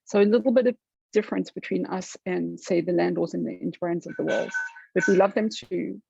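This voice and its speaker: A woman's voice: fairly low pitch, a little fast, vocal fry, dark tone, dull audio, slight background noise. A woman with an older-style South African accent, chatting at a networking meeting on a video call and often repeating words as she starts. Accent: older British-style South African. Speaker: branding firm member.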